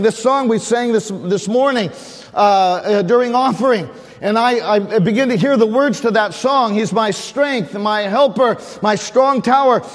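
An older man, a pastor, preaching a sermon with earnest fervor and calling out to the congregation. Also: very high-pitched. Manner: earnest, fervent preaching with audience call-outs. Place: church sanctuary. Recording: reverberant church hall.

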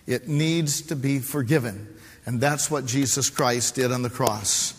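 A man's voice: mid-range voice, measured pace, slightly rough. A man, a pastor, preaching a heartfelt sermon with calls to the congregation. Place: church hall. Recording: live sermon with long hall reverb.

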